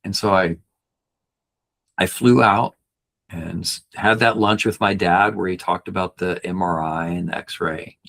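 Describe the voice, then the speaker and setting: A man's voice: sits low, steady tone, unhurried, creaky, a bit bright. A man working as a backpacking guide and coach, telling a personal story on a podcast in a rambling way, with many restarts and fillers.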